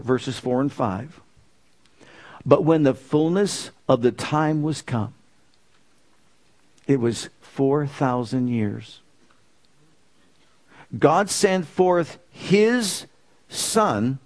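A man preaching a sermon, reading scripture slowly and swinging between raised declarations and low, quiet asides. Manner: reads scripture with slow emphasis.

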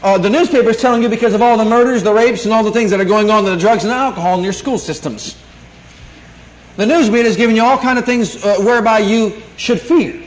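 Male preacher, high-pitched, emphatic and repetitive, roomy echo. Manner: repetitive, emphatic scripture quoting. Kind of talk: sermon. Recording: echoey room, 1982 tape.

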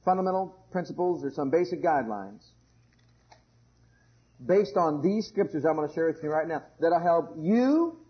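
A man preaching a sermon with fervor, going from loud exclamations down to low murmurs. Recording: muffled lo-fi sermon recording.

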